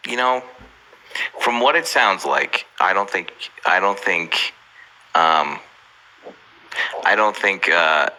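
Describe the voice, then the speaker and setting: A man's voice: low-pitched, animated, takes it slowly, long pauses, pushed and bright, slight background noise, low-quality recording. A man hosting a casual chat, joking loosely and swearing now and then. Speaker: host.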